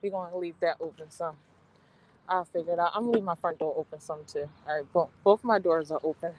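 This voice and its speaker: A young woman vlogs from her parked car, chatting to viewers in a flustered way and swearing a lot. Her voice sits on the low side, a little mellow, and she talks fast. The audio is poor, with noticeable background noise.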